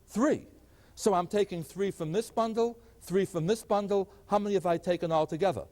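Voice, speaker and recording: High-voiced man lecturing in an echoing hall. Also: a little mellow. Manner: asks the class questions and answers them himself. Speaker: math professor. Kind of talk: chalkboard lecture. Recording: 1980s lecture hall recording with long reverb.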